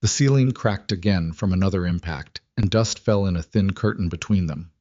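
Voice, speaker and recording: A man narrating a military thriller story in a steady, dramatic storytelling style, in a dry, slightly muffled recording. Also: low voice, moderate pace, no room sound. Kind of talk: scripted narration.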